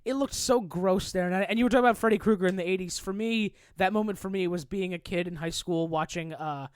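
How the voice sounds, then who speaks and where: A man's voice: sits high, quick pace, clear, resonant tone, no echo, studio quality. Enthusiastic young podcast man. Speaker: podcast co-host. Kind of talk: casual chat.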